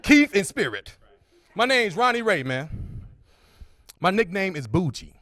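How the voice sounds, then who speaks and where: Stand-up comic, man, 40s, bright tense voice, loud high impressions of his friends. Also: very animated, measured pace, a little hiss or hum. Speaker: stand-up comedian. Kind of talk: stand-up comedy set. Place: comedy club stage.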